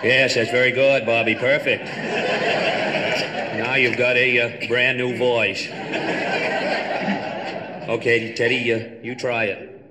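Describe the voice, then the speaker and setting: A man playing a self-assured middle-aged president with a strong Boston accent, talking in clipped phrases broken by drawn-out ums, on a reverberant 1960s comedy record. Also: mid-range voice, level tone, very noisy, close to an everyday voice. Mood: wry. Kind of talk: 1960s comedy album sketch.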